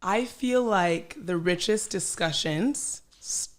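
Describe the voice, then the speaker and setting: A woman's voice: lowish voice, takes it slowly. A woman guest on a podcast, talking casually in a thoughtful, searching way with frequent restarts. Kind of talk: casual chat.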